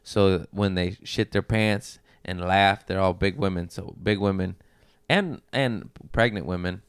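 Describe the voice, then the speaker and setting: A man telling crude family stories in a casual podcast chat, loud and animated, with squealing voices for his relatives. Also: deep voice, measured pace, smooth, no room sound, studio quality. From Mexican-American family. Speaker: podcast guest.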